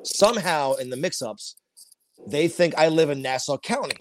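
Swearing constantly, this podcast co-host spins rambling stories in a casual conversation. He speaks at a normal speed in a higher-pitched voice with lively intonation, and there's slight background noise.

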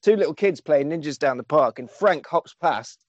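A man's voice: a little high, expressive, normal speed, no room sound. A man, animatedly recapping a film on a podcast and swearing casually. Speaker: podcast host. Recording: dull lo-fi dry sound.

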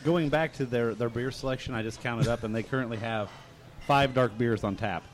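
A talkative man hosting a casual podcast, talking fast and ribbing his co-hosts as he steers the conversation. He pushes quickly from one topic to the next. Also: medium pitch. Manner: talkative, teasing, steers the talk. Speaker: podcast host running the board. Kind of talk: casual chat over beer.

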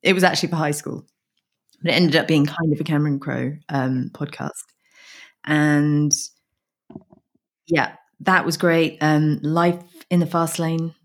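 Low-voiced chatty woman. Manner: chatty, laughs often. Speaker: podcast co-host. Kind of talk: casual chat about music.

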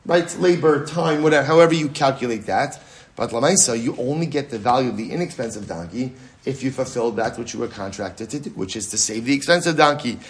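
A man's voice: mid-range voice, a little fast. A man in middle age leads a Talmud class with lots of energy, his voice sitting in an ordinary middle range. He poses questions and answers them himself. He circles back over each point, repeating it for emphasis. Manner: animated, asks and answers his own questions, repeats phrases, Hebrew and Aramaic terms. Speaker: rabbi teaching Talmud.

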